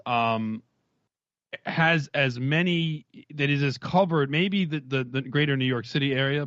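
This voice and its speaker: A man's voice: medium pitch, fairly bright tone, no echo, highs cut off. A man talking in casual stream commentary, rambling in long run-on thoughts with frequent restarts. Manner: rambling, discursive, many restarts.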